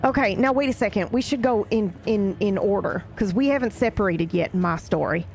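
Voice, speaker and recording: A woman's voice: mid-range voice, brisk, gravelly, a little mellow, faint music behind. A woman recapping events in character during a roleplay session, rambling and swearing casually as she tells the story.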